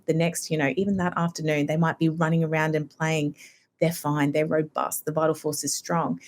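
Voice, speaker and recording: A woman's voice: sits low, darkish tone. A woman, a homeopath guest chatting on a podcast and explaining things in an easy, conversational way. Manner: chatty, explanatory, acts out quoted people. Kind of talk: casual podcast interview.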